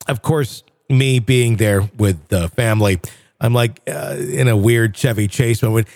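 A man co-hosting a casual chat show, telling stories in an animated way and breaking into impressions and swearing. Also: medium pitch, measured pace, gravelly, no echo, clean studio sound. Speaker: podcast co-host.

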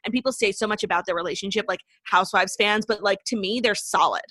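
A woman's voice: medium pitch, pushed and bright, no room sound, clean studio sound. A young woman co-hosting a podcast, chatting casually and gushing with a profane edge. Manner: gushing, profane, fast recaps of reality TV. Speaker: podcast co-host. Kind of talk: casual chat.

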